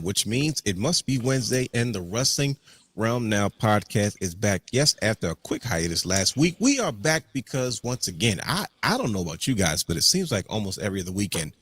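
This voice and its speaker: A man's voice: fairly low pitch, a bit bright, no echo. A man hosting a casual wrestling podcast, opening the show with sing-song hype introductions. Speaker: podcast host.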